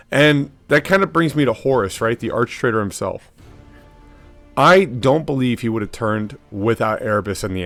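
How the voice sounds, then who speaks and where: A man's voice: medium pitch, a bit bright. A man hosting a lore video in casual commentary, talking loosely with lots of fillers and tag questions.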